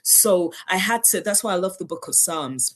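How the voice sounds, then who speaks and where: A woman's voice: lowish voice, normal speed. Earnest woman sharing her testimony. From South London. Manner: earnest, animated, laughs often. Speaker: podcast guest, wellbeing coach. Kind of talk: candid testimony in a faith interview.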